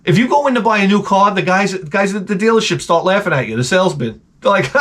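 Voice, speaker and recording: A man telling a story in a casual vlog rant, animated and profane with many restarts. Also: sits high, fast, a little hiss or hum. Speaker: vlogger.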